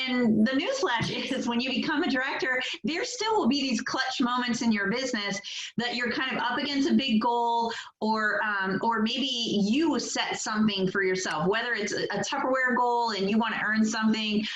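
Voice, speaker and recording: A woman's voice: a little high, a bit bright. A woman directing a sales team on a motivational call, upbeat and chatty, laughing often and using lots of fillers. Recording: echoey, dull lo-fi call audio.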